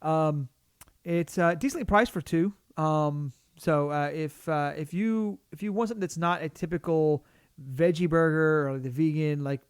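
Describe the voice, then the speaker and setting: A man's voice: on the high side, normal speed, clear, resonant tone, no room sound, studio quality. A man co-hosting a casual podcast, rambling through his thoughts with many restarts. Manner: rambling, full of restarts and fillers. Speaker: podcast co-host.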